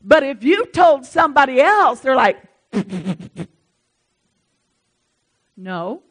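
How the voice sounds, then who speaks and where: A woman preaching a sermon in church, swinging between hushed asides and loud emphatic lines. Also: high-pitched, very animated, takes it slowly, rough recording.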